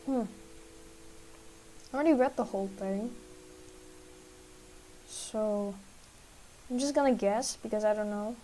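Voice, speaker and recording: A woman's voice: medium pitch, measured pace, pauses often, dark tone, a little hiss or hum, rough recording. A woman streamer reading a text game aloud and thinking through its puzzles in a hesitant, musing way.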